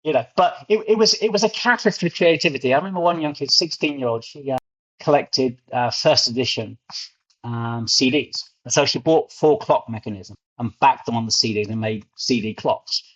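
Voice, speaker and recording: Brisk and fairly bright at medium pitch, this middle-aged Londoner from England spins stories in an interview. He tends to repeat words as he gets into his stride, and the recording is muffled and lo-fi.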